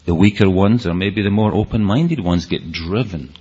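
A man's voice: sits low, moderate pace, a little mellow, husky. A man with a Scottish accent giving an earnest, rambling talk to an audience, often restarting his sentences. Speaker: speaker. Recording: dull, lo-fi hall recording.

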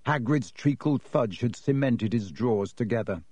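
A man narrating a children's novel as an audiobook reader, telling the story in a lively way. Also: mid-range voice, moderate pace, no room sound, lo-fi sound. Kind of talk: scripted narration.

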